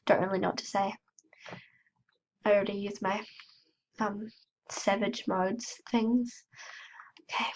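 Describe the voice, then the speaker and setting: Girl with a cold chatting thru her gameplay, kinda high and gravelly, muffled lo-fi mic. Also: takes it slowly, pauses often. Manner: chatty, self-mocking, gasps and squeals when startled. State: has a cold. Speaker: gaming channel host. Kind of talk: casual gameplay commentary.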